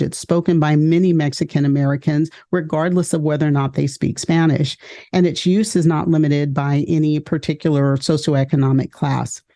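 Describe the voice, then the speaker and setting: A woman lecturing with a mellow, warm tone. She moves through her points steadily and explains each one with examples, like a teacher addressing a class. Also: deep voice. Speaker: educator and podcast host.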